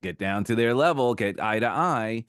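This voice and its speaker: A man hosting an interview podcast over a video call, musing and telling stories in a relaxed conversational way. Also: mid-range voice, moderate pace, clean tone, dry recording, clean studio sound. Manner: reflective, storytelling with acted quotes. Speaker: podcast host.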